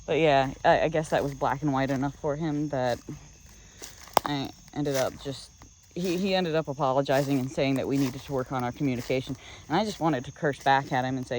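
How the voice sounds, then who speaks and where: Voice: medium pitch, fairly quick, a little mellow, a little hiss or hum, rough recording. Someone venting on a walk in the woods, rambly, lots of ums, faint crickets buzzing behind. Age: adult. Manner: rambling, frustrated, many fillers and restarts. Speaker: vlogger. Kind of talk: casual venting vlog while walking. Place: woods, outdoors, walking.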